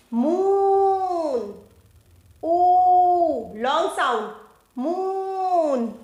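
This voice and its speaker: A woman teacher, giving a phonics lesson to children and repeating each word slowly in a sing-song way. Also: sits high, fairly bright tone, roomy sound. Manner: slow, drawn-out, sing-song teacher voice that repeats words for kids.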